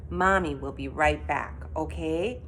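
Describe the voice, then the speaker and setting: A woman voicing a harried young mother in a read-aloud storybook, talking in a fretful, hurried way. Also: deep voice, a bit bright, a little hiss or hum.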